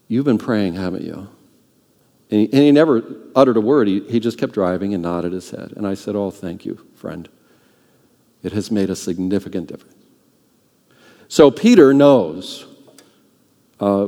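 Man preaching in a reverberant hall. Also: mid-range voice. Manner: animated storytelling, acting out quoted voices. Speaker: pastor. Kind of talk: sermon.

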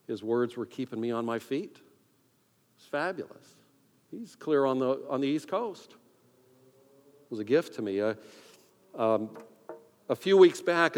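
A male pastor delivers a sermon in an easy, conversational way, poking fun at himself as he voices his own racing thoughts. His middle-pitched voice rings out into a large hall with long reverb. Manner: conversational, self-deprecating, acts out his own inner thoughts. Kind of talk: sermon storytelling. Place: church sanctuary.

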